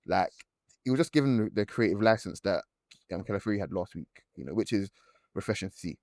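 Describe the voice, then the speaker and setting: A man on a casual football podcast, analyzing players quickly with frequent restarts. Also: on the low side, animated, darkish tone, dry recording. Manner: quick, restarts, fillers like kind of thing. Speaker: podcast regular, called coach.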